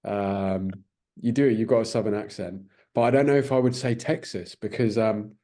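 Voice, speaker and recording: A man's voice: lowish voice, fairly even intonation, moderate pace, dark tone. A British man interviewing, polite and hesitant with many ums. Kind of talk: casual interview.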